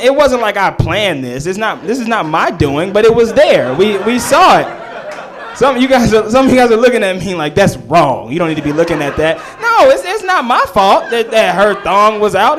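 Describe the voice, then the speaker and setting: Animated man telling a stand-up story. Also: high voice. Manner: animated, acts out voices, rising to near shouts. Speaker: stand-up comedian.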